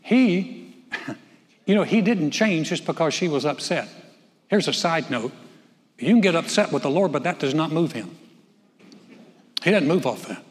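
A man's voice: on the high side, animated, moderate pace, long pauses, big-room sound. A man preaching a sermon as pastor, conversational and folksy, with joking asides. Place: church sanctuary.

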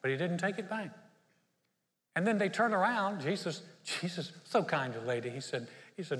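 A male pastor preaches in a lively, storytelling way, slipping into the voices of the people in his story. His voice sits a little high and rings with the long reverb of a large hall. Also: normal speed. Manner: storytelling, acts out the Bible characters. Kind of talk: sermon.

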